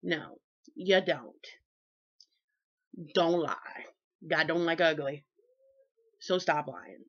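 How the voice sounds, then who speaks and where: A woman talking in a casual, sermon-like faith vlog, lively and folksy, her voice jumping high and low and loud and soft. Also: drawn-out words, long pauses. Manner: lively, folksy and preachy, with big swings in pitch and loudness. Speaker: vlogger. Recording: dull lo-fi recording.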